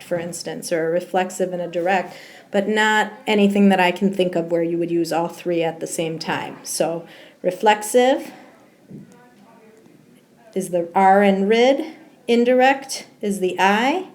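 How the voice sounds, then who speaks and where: A Spanish teacher gives a grammar lesson in a recorded slideshow, explaining each step with frequent ums. Her voice sits on the low side and is a little mellow.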